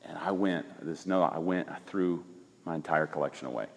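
The speaker is a pastor in his forties with a low, creaky voice, recounting a personal story casually at a fairly quick pace. He is animated and emphatic, frequently restarting sentences, and the sound suggests a big room.

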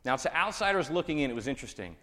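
A man's voice: a little high, very animated, very fast, pushed and bright, in a large hall. A man with a Texan accent, a pastor giving a conversational teaching sermon full of rhetorical questions. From Texas.

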